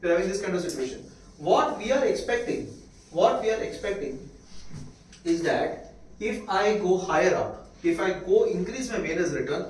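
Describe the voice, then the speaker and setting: A high-pitched male lecturer with an Indian English accent teaches a class, going back over key points and asking quick questions to make sure students keep up. There's a slight hiss or hum, and the distant mic captures an echoey room.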